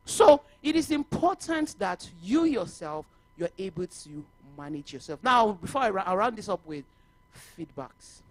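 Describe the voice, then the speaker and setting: A woman with a Nigerian accent giving a talk to realtors at a conference, lively and mixing in Yoruba phrases. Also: mid-range voice, normal speed. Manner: animated, mixes Yoruba and English, laughs often. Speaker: conference speaker. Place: conference hall.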